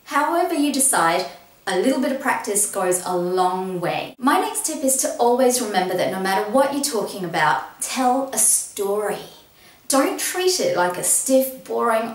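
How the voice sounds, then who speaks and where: A woman's voice: mid-range voice, animated, moderate pace, reverberant, recorded from a distance, poor audio. A woman giving an upbeat, encouraging lesson on presenting, stressing key words as she talks to the camera. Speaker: presentation coach. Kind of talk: instructional talk to camera.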